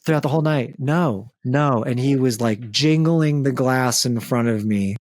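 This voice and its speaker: A young man hosting a podcast in relaxed, joking conversation. His voice sits at an ordinary middle pitch. The sound is dry and close, and his talk runs loose with fillers and the odd curse. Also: moderate pace, dry recording. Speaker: podcast host. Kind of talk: casual comedic chat.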